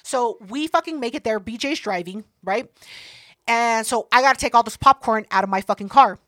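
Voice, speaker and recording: The podcast host, a woman in her thirties, speaks at an ordinary speed in a slightly high voice with no echo. She's lively and profane, recounting a story casually and voicing other people's dialogue.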